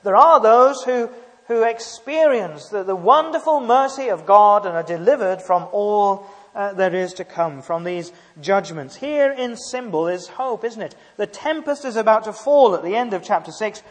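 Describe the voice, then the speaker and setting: High-voiced preacher in a reverberant hall. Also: male voice, animated, normal speed. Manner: emphatic, rhetorical tag questions, frequent hesitations. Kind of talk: sermon.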